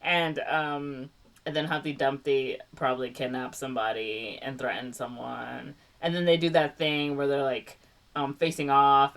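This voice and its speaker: A woman's voice: sits low, lively intonation, moderate pace, pushed and bright, recorded from a distance. Giggly, rambling woman podcast host. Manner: giggly and rambling, many fillers. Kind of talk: casual chat.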